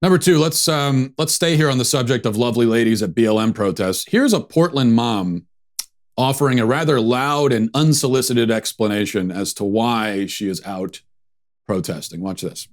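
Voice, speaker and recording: A man's voice: medium pitch, normal speed. Sarcastic male political commentator. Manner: sarcastic, mocking. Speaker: host.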